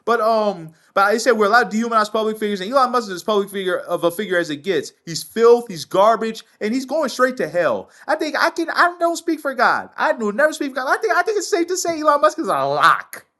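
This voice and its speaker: A man hosting his own commentary show, reading news aloud and ranting loudly with heavy profanity. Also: very high-pitched, sing-song, quick pace, few pauses. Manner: loud. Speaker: political commentary host.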